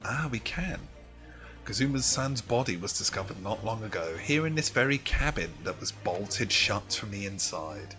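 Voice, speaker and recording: A man hosting a casual let's play, reacting excitably and joking while he plays. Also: lowish voice, normal speed. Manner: excitable, jokey, reacts and rambles. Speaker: gaming let's play host. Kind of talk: casual game commentary. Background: game music.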